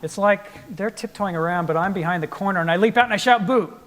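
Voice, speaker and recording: A man playing piano in a trio, explaining the music to a live audience in an animated, playful lecture-demonstration. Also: sits high, fast. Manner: animated, playful explainer acting out the composer's attitude. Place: concert hall with live audience.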